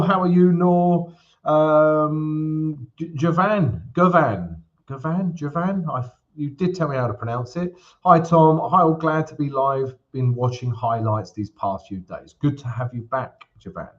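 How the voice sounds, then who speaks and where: A man's voice: a little high, measured pace, highs cut off. A man hosting a live trading stream, talking in an upbeat, chatty way as he walks through charts and greets viewers, often checking in with "right?". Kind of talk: casual live-stream chat and chart walkthrough.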